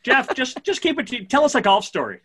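Bright-voiced teasing man. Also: very high-pitched, very animated, fairly quick, slight background noise. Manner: teasing, joking banter. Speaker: podcast co-host. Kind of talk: casual chat.

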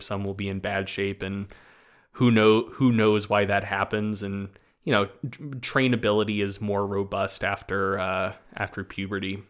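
A man co-hosting a podcast, chatting casually in an animated, rambling way with many fillers. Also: on the low side. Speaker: podcast co-host. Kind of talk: casual chat.

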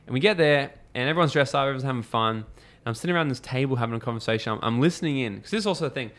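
A man, a podcast guest telling lively stories in casual conversation, acting out quotes and swearing freely. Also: mid-range voice, rapid-fire. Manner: animated storyteller, acts out quotes, swears freely.

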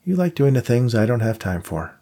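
A man's voice: mid-range voice, sing-song, brisk, warm tone, slightly rough. A man voicing a quirky, insistent woman professor who performs magic on the side, in an audiobook. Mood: playful.

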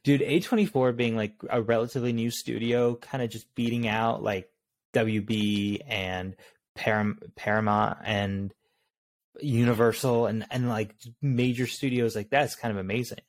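A man co-hosting a casual movie podcast, musing aloud in a relaxed way. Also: medium pitch, normal speed. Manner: relaxed, thinking aloud with fillers. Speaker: podcast co-host.

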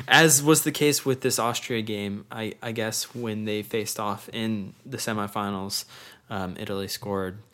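A man co-hosting a casual talk show, relating facts in a relaxed way and laughing often. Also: on the low side, unhurried. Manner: laid-back storyteller, reads facts and laughs often. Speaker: podcast co-host. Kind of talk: casual chat.

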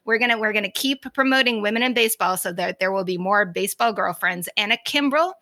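A woman co-hosts a casual baseball talk show with a gravelly, fry-laden voice. Her tone is bright and forceful, her manner earnest and informative, and the sound is dry and close. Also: medium pitch, fast, no echo. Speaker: podcast co-host. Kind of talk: casual sports chat.

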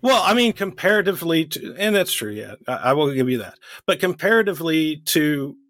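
A man's voice: fairly high pitch, sing-song, a little fast, a bit bright. A man co-hosting a podcast in casual chat, laughing easily and explaining things at length. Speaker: podcast co-host.

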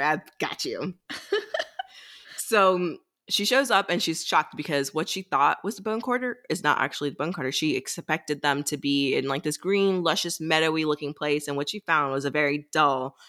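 A young woman with a low, slightly bright voice co-hosts a book podcast. She chats casually as she recaps the plot, acting out lines in quoted voices and laughing along the way.

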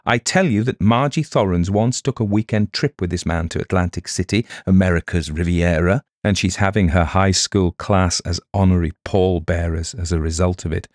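A man voicing a fussy middle-aged spinster schoolteacher who speaks in a sharp, accusing way. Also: deep voice, normal speed, hardly any pauses, no room sound, clean studio sound, natural voice. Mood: stern.

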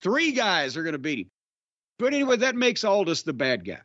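A man's voice: sits high, huge pitch swings, brisk, fairly bright tone, dry recording. A man hosting a podcast in casual chat, sardonic, opinionated and freely profane. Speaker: podcast host. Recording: slightly dull, dry podcast audio.

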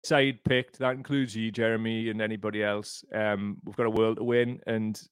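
A man's voice: fairly low pitch, level tone, moderate pace, clean tone, dry recording, studio quality. A man hosting a casual livestream, rambling, heartfelt and sweary. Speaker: podcast host.

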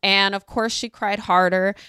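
Woman, parenting host, casual storytelling, acts out quotes with pitch jumps, dry close sound. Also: steady tone, measured pace, pushed and bright, clear, resonant tone, no echo.

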